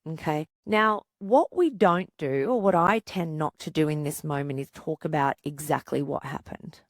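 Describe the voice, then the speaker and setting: A woman psychologist hosting a podcast, calmly coaching parents and asking rhetorical questions. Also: low voice, moderate pace, no room sound, clean studio sound. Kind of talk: podcast monologue giving parenting advice.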